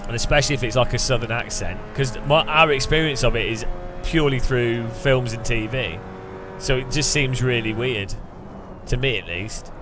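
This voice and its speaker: A man with an English accent chatting casually to his stream while racing, rambling, with quick outbursts at other drivers. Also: mid-range voice. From England. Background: music.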